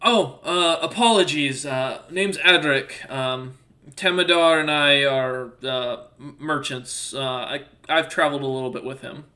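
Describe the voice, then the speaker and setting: A man's voice: fairly high pitch, measured pace, sharp tone. A man voicing an affable older male drow merchant and former soldier, talking in a hesitant, chatty way with many fillers. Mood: friendly.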